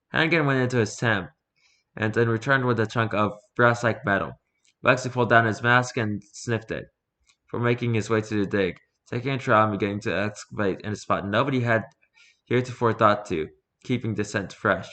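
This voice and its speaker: A man's voice: on the low side, a little fast, bright, forceful tone. A man reading his own fiction aloud in a casual way, with restarts and asides. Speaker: storyteller.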